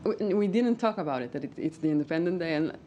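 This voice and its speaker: Low-voiced Israeli woman, hesitant. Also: expressive, quick pace, dull audio. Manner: hesitant, searching for words. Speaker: musician guest. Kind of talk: casual interview chat. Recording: faint background noise.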